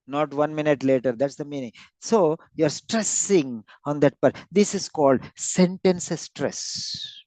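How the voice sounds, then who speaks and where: A man's voice: fairly high pitch, a little mellow, no echo, low-quality recording. A man teaching a lesson on word and sentence stress for clinical speaking, stressing and repeating words to show the point. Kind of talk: lecture on clinical speaking skills.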